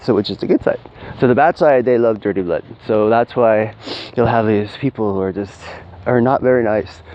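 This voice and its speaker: A man's voice: fairly low pitch, moderate pace. A man giving spiritual advice in a casual, rambling monologue, swearing and acting out quoted people. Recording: dull lo-fi audio with faint hiss.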